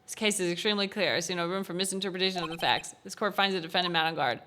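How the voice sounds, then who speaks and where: A woman's voice: on the low side, racing, bright, forceful tone, slight background noise. Woman reading a stern old male judge. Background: game music.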